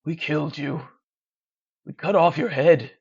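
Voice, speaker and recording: A storyteller voicing a wounded, dying warrior man who slurs his words slowly and quietly. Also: medium pitch, vocal fry, slightly rough. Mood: weak, pleading. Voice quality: slurred speech. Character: dying trapped warrior man, slurring and desperate. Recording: dull lo-fi recording.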